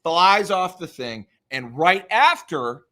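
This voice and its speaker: A man co-hosting a casual chat, ranting excitedly and swearing in mock fury. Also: a little high, slow pace. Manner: animated, ranting, profane, mock-furious. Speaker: podcast co-host.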